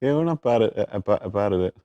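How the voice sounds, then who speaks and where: Deep-voiced Irish man, relaxed. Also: quick pace, lo-fi sound. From Ireland. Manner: relaxed, hesitant, many repeated words. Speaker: actor. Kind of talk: casual conversation between actors.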